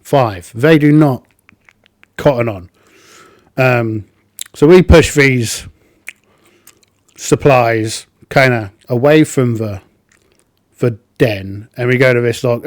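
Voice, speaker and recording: A man's voice: mid-range voice, slow, pauses often, no room sound. A man narrating his solo tabletop game, thinking aloud with plenty of ums.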